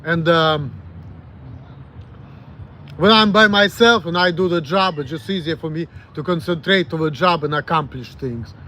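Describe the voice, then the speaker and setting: A man's voice: fairly high pitch, pushed and bright, slight background noise. A man in his late thirties with a Russian accent, rambling frankly and with plenty of swearing as he answers viewers on a livestream. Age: late 30s. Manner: rambling, frank, profane, halting self-corrections. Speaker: streamer.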